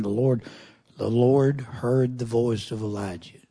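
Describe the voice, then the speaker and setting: With a warm, slightly rough voice touched by vocal fry, a man preaches at a moderate pace, his medium pitch fairly even. He reads scripture, then speaks conversationally and folksily, asking the congregation pointed questions.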